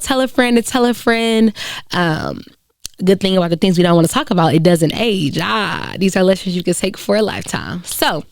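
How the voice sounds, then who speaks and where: A woman's voice: mid-range voice, darkish tone, clear, resonant tone, dry recording, studio quality. A young adult woman hosting her solo podcast, talking in an earnest, encouraging way with frequent fillers. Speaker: podcast host. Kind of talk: reflective solo podcast talk.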